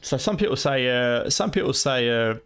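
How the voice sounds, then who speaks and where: A man's voice: medium pitch, expressive, moderate pace, a bit bright, clean tone. A middle-aged man with a Fenland accent, rambling and swearing loosely through a late-night live game stream at home. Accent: Fenland English. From Fenland, England.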